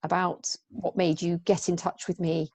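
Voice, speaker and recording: A woman's voice: fairly low pitch, little pitch movement, normal speed, mellow, husky, dry recording. A woman hosting a casual interview over a video call, chatty and rambling with many restarts.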